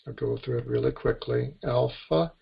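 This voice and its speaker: An American man teaching a webinar lecture in a deeply gravelly, husky voice. He walks through the letters patiently, one by one, at an unhurried pace. The recording sounds dull and lo-fi. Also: fairly even intonation. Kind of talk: lecture to an online class. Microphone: computer microphone on a webinar.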